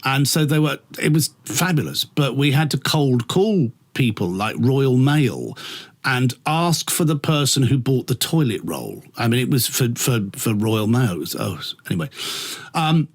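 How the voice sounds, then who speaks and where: A man who works as a radio presenter, telling stories as a guest in a casual chat, animated, laughing often and swearing freely. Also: mid-range voice, measured pace.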